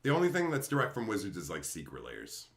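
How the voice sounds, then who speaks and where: Male host, furious profane rant, very animated pitch, echoey room sound. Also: fast. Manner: profane, heated, swings from shouting to muttering. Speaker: channel host. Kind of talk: angry rant to camera.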